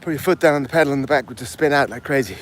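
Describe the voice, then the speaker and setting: An Englishman in his fifties with a mixed English accent is out of breath as he walks uphill outdoors, chatting on a live stream. He talks rapid-fire in a medium pitch, rambling and answering chat comments aloud, with slight background noise.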